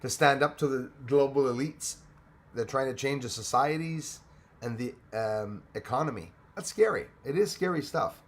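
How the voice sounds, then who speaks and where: A man's voice: mid-range voice, normal speed. A middle-aged man from Canada hosting a casual live stream, greeting viewers by name and sometimes switching into French.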